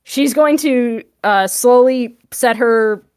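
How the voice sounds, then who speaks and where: A woman's voice: a little high, slow, darkish tone, clear, resonant tone. A woman player in a tabletop game, rambling through her character's actions with many fillers.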